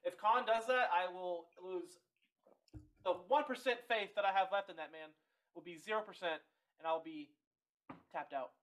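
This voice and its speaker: A young man co-hosting a sports podcast, talking in animated, profane casual chat and laughing often. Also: high-pitched, moderate pace, pauses often. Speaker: podcast co-host.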